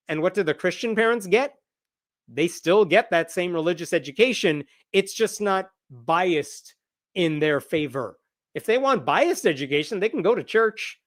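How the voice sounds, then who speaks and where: A man's voice: fairly high pitch, animated, unhurried. An American man hosting a casual livestream news roundup, chatty and sarcastic. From United States. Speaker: host.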